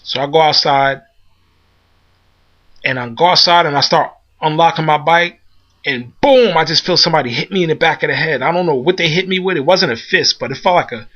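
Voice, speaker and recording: A man's voice: fairly high pitch, a little fast, fairly bright tone. A man casually telling a personal story, rambling with many fillers and restarts. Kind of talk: casual spoken anecdote. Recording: dull lo-fi recording.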